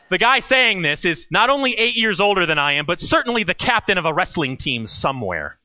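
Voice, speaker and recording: A man preaching a sermon, telling a story with acted quotes and dramatic pauses. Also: high voice, very animated, muffled recording. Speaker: pastor.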